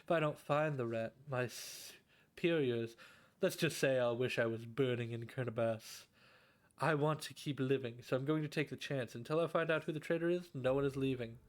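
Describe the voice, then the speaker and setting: A man's voice: medium pitch, moderate pace, lightly acted. A man reading game lines as a stern woman heading a crime family, cold and commanding. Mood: cold threat. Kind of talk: reading game dialogue aloud on stream.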